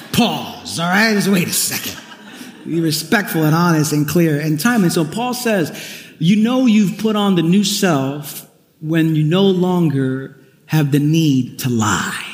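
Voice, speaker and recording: High-voiced pastor preaching in an echoey hall. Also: male voice. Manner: conversational preaching with wry asides and repeated restarts. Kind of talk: sermon. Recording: echoey hall, long reverb.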